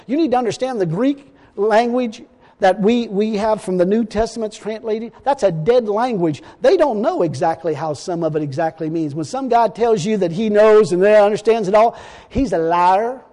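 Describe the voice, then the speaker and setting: A man preaching a folksy, emphatic sermon, slowing down to quote scripture. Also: sits high, warm tone, in a large hall.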